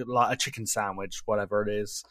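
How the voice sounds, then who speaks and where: An animated man, chatting casually on a podcast. He laughs often as he tells his stories. The sound is dry, with no room echo. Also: lowish voice, brisk. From England. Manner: laughing storyteller, animated impressions. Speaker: podcast co-host. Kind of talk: casual chat.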